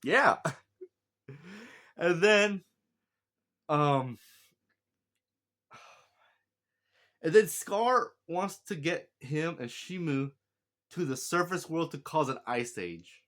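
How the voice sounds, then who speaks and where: A man's voice: on the high side, lively intonation, extremely slow, long pauses, a bit bright. A man giving a casual, rambling spoken movie review, often laughing and correcting himself.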